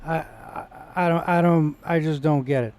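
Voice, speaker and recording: A man's voice: a little high, normal speed, a little mellow. A man telling a personal story in a rambling vlog monologue, with restarts, growing indignant in places. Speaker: vlogger.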